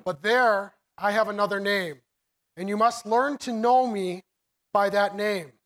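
A preacher reading as a gentle wise lion. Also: mid-range voice, close to an everyday voice. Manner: read aloud softly from a book. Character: wise gentle male lion, a Christ figure.

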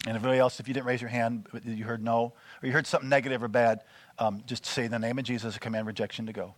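A man's voice: mid-range voice, fairly even intonation, very fast, dry recording. A man preaching to a small church group, coaching them through listening exercises with frequent check-ins. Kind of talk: teaching sermon with group exercises.

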